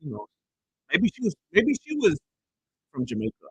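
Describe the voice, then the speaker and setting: A man's voice: fairly high pitch, wildly swooping pitch, normal speed, husky, no echo, poor audio. A man streaming a fight watch-along, chatting casually and rambling through stories between reactions. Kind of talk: casual live commentary.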